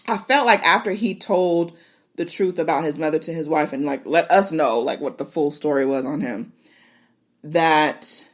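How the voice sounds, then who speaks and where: Lively, low-pitched woman recapping with animation. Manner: animated, laughing, exclaiming at the story. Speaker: podcast host. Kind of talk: casual episode recap.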